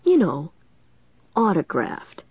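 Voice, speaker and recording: A woman reader voicing a cocky teenage boy prankster in a low, conspiratorial whisper. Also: huge pitch swings, takes it slowly, slightly rough, dry recording, phone-quality sound, exaggerated voice. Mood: sly whisper.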